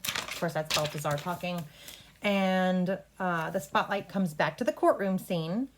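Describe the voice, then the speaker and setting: A woman coaching an actor through a play rehearsal in a brisk, instructive way, talking through cues and line readings. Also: lowish voice. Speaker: drama coach.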